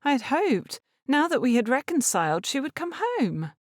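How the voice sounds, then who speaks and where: A woman reading as an earnest, gentle young Regency lady who pleads her case, her voice raised high above the narration and moving lightly up and down. The sound is dry and close. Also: sing-song, normal speed, dry recording. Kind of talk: audiobook character reading.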